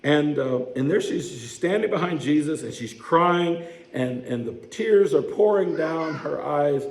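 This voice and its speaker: A man's voice: a little high, lively intonation, unhurried, roomy sound, poor audio. A man preaching a sermon as a pastor, telling the story in a conversational way and putting questions to the congregation. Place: church sanctuary.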